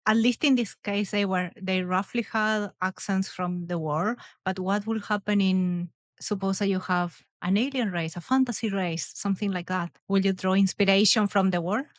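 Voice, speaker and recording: A woman's voice: mid-range voice, moderate pace, few pauses, no echo, clean studio sound. A woman author hosting a casual interview, speaking thoughtfully as she asks questions and gives praise. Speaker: author and host.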